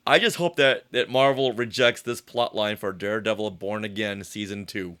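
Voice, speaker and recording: A man hosting a casual comic-book podcast, teasing his co-hosts and reading panels aloud in a playful, animated way. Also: fairly low pitch, normal speed, clean tone. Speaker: podcast host.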